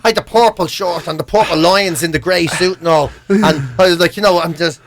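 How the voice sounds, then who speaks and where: A man's voice: high-pitched, brisk, slight background noise. A middle-aged Irish man with a Dublin accent, co-hosting a radio show in casual chat, rambling and swearing freely as he tells a story. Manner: rambling, swears freely, acts out quotes in funny voices.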